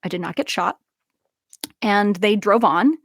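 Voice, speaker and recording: A young woman telling a personal story in casual conversation, animated, with frequent laughs and many restarts. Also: medium pitch, measured pace, no room sound, clean studio sound. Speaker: podcast guest.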